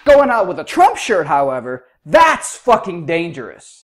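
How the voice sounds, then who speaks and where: A man's voice: a little high, huge pitch swings, a little slow, fairly bright tone. A man hosting a reaction commentary, ranting angrily and swearing a lot. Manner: angry, profane ranting. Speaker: host.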